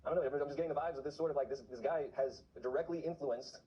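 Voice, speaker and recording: A man's voice: fairly high pitch, steady tone, fast, lo-fi sound. A man talking to camera in a casual vlog, urgently exhorting his viewers. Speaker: vlogger on remote viewing.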